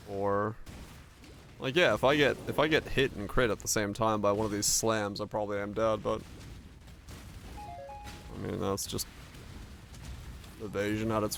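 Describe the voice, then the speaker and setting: Male game streamer, lowish gravelly voice, relaxed running commentary. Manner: laid-back, thinks aloud, swears casually. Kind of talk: casual live gameplay commentary.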